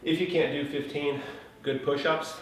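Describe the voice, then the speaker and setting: A man's voice: fairly high pitch, normal speed. Out of breath guy explaining workout modifications, chill and chatty, super echoey room, mic kinda far away. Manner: relaxed, chatty, huffing between phrases. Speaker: fitness trainer. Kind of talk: casual workout instruction. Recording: very echoey room, mic at a distance, faint noise.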